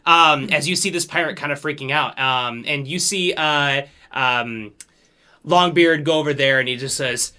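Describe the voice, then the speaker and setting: Male game master, bright and slightly high; loose, filler-heavy narration. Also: moderate pace, smooth.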